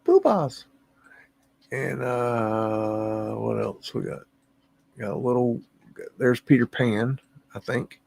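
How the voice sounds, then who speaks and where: A man's voice: medium pitch, lively intonation, takes it slowly, vocal fry, pauses often, darkish tone, no echo. A man hosting a livestream, musing aloud and easily amazed as he comments on photos, humming to himself between remarks. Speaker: livestream host.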